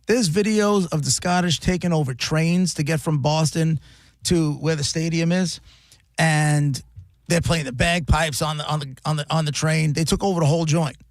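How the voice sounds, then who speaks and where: A male radio host chatting casually, recapping news stories with quick asides. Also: on the high side, steady tone, dry recording. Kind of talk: casual talk radio chat. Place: radio studio. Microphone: studio mic.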